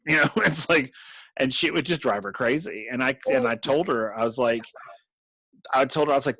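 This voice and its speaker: A man's voice: medium pitch, animated, normal speed, a bit bright, husky, no room sound, low-quality recording. A man in casual chat about tabletop games, rambling with restarts and laughing often. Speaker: game master and podcast host.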